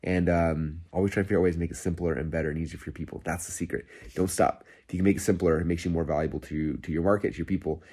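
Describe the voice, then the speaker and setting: Fast-talking husky man telling a story. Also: low-pitched. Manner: excited, rambling, full of "like" and restarts. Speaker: podcast host. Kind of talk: casual storytelling monologue.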